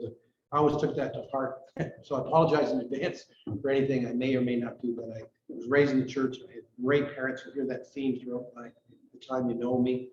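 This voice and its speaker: A middle-aged man from Canada giving a rambling, hurried, self-deprecating talk to his club at a breakfast meeting. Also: medium pitch, little pitch movement, darkish tone. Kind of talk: informal members' talk. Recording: roomy, distant, dull recording with faint noise.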